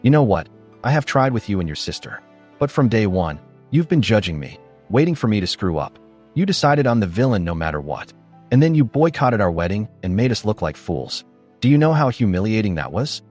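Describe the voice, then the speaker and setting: A man reading the lines of a resentful, defensive stepmother, curt and sharp-tongued. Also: lowish voice, big pitch swings, brisk, soft background music. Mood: angry.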